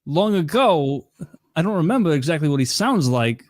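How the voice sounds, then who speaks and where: A man in his thirties co-hosting a casual podcast, joking and quick-talking. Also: on the high side, sing-song, no room sound, studio quality. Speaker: podcast co-host.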